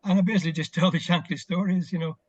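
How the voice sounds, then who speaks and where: High-pitched and racing, this older man keeps his intonation fairly even as he reminisces about his football days. He's an interview guest on a casual video call, telling warm stories full of fillers. The audio is dry and rough.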